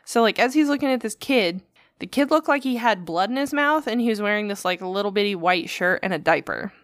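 A woman's voice: mid-range voice, lively intonation, fairly quick, dry recording, studio quality. A woman co-hosting a podcast, telling a story in casual, profane chat and acting out the quotes. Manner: profane, chatty, acts out quotes. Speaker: podcast co-host.

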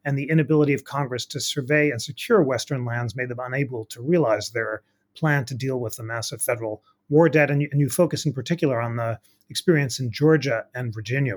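A man moderating a panel, thanking a guest and putting long, carefully framed questions. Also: mid-range voice.

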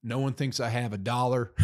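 Laid-back man swearing through a rambling monologue. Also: medium pitch. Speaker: touring comedian recapping shows. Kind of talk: casual monologue. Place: room at home with a heater.

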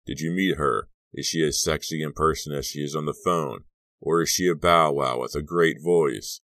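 Male narrator voicing a teen joker, needling and brash, very deep read, dry booth sound. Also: moderate pace, a bit bright, dry recording. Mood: teasing. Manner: teasing, needling jokes. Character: wisecracking teenage boy friend, teasing and brash. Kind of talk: audiobook character reading.

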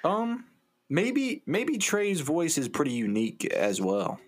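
Man, casual brainstorming, playful, hesitant, repeats himself, pitch swings a lot. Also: huge pitch swings, takes it slowly. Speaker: podcast co-host.

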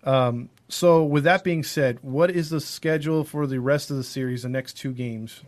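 A man in easy conversation about a baseball team, talking with plain enthusiasm and firm opinions. His pitch sits in an ordinary middle range, and he throws in quick jokes as he goes. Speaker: sports podcast co-host. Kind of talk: casual baseball chat.

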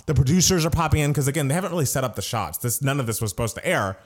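Animated man recapping reality TV. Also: mid-range voice, very fast. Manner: animated storytelling with casual swearing. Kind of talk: casual chat recapping reality TV.

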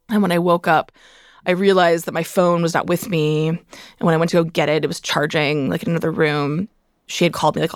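Gravelly woman, candid and chatty. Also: sits low, dry recording, clean studio sound. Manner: casual, heavy use of "like" fillers. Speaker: memoir author guest. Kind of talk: candid personal storytelling.

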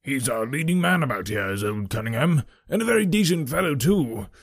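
A male reader playing a bluff retired colonel over sixty, brisk and matter-of-fact. His voice has a husky grain, recorded dry and close. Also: mid-range voice, sing-song, no room sound. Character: bluff old retired army colonel, hearty country gent. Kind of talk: audiobook character reading.

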